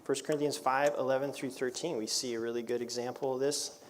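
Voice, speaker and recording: A man's voice: mid-range voice, steady tone, fast, a little hiss or hum. A man who is a pastor, teaching an adult Bible class in a conversational way, asking rhetorical questions and reading scripture aloud. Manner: reads scripture aloud in older English.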